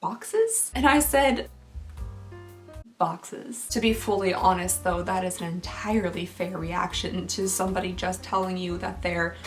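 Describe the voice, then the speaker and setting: A woman's voice: fairly low pitch, fairly even intonation, normal speed, hardly any pauses, distant mic, faint music behind. Chatty young woman, a little off-mic. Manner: chatty and self-mocking, laughs between sums. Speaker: beauty vlogger. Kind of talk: casual to-camera chat.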